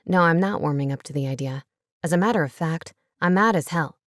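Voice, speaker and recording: A woman's voice: low voice, brisk, no echo, studio quality, voice pushed down, lightly acted. A woman voicing a bitter, angry young man in a storybook reading.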